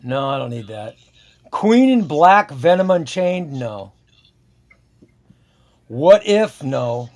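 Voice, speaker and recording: Man, lively, slightly high voice, casual comics chat, quick yes or no picks. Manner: reads titles aloud and decides quickly. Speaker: comic show host.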